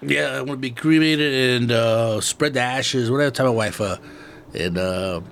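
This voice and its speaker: A middle-aged man from East Los Angeles, hosting a casual podcast talk, laid-back and swearing freely as he thinks out loud. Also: medium pitch, normal speed, vocal fry. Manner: laid-back and profane, muses aloud. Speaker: podcast host.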